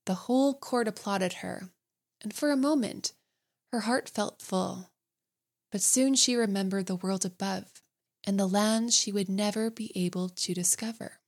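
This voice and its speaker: Gentle woman reading a bedtime story. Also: mid-range voice, a little slow. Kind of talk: calm bedtime story narration.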